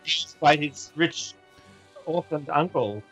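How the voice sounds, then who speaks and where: A man runs a tabletop game, describing the action in a playful way and laughing often. His voice is bright and sits a little high, with faint music behind him. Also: takes it slowly, slightly rough, low-quality recording. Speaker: game master.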